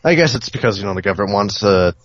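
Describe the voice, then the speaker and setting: A man with a low voice chats on a podcast, hedging his points and pausing with fillers. The sound is dull and lo-fi. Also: expressive, fairly bright tone. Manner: hesitant, hedging, many fillers. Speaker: podcast co-host. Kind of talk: casual chat.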